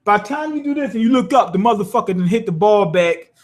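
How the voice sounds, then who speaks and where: A man's voice: high-pitched, expressive, quick pace. A man recapping an anime episode in loose, profane casual talk, acting out moves as he explains them. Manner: loose and profane, demonstrating with gestures. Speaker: anime reviewer. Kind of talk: casual spoken episode review.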